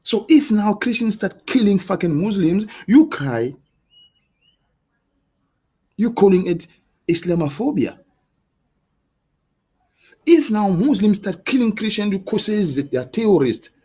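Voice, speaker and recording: A husky-voiced man speaks his mind straight to camera in a heated, pleading rant. His voice sits high and leaps up and down. He repeats his questions and breaks off into restarts as he goes. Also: very animated, mellow. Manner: halting restarts and repeated words. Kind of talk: impassioned monologue to camera.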